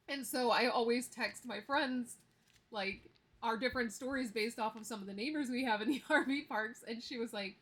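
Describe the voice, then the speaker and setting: A woman's voice: fairly high pitch, fairly bright tone. Chatty woman vlogger counting cash. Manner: chatty storyteller, counts bills aloud, laughs easily. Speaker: budgeting vlogger. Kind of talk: casual chat while counting cash.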